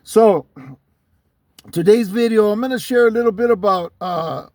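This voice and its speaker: A man's voice: high-pitched, normal speed, a little mellow, no echo, clean studio sound. A man hosting his channel, casually telling a story to camera in street slang, with frequent restarts. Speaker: channel host.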